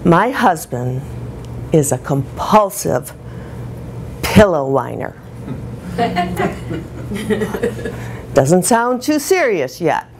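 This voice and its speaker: A woman's voice: fairly low pitch, sing-song, very slow, pauses often, darkish tone, a little hiss or hum. A woman over sixty giving a comic talk to a live audience, telling self-mocking stories and laughing along. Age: older. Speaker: speaker performing a comic character talk.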